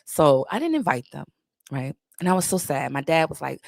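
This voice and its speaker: A woman's voice: low-pitched, very animated, normal speed, vocal fry, no echo, clean studio sound. A woman in her thirties hosting a casual livestream Q&A, candid and blunt. She swears freely and laughs often. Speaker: livestream host.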